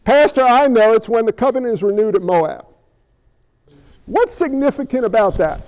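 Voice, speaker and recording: A man's voice: very high-pitched, lively intonation, normal speed, darkish tone, poor audio. A man preaching a sermon as pastor, talking conversationally and playfully while questioning his congregation.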